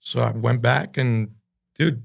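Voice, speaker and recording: A man, a chef being interviewed, telling profane, animated stories and acting out the voices of other people. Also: mid-range voice, slow pace, gravelly. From Cuban-American from New Jersey. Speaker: chef and entrepreneur, podcast guest. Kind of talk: casual storytelling interview.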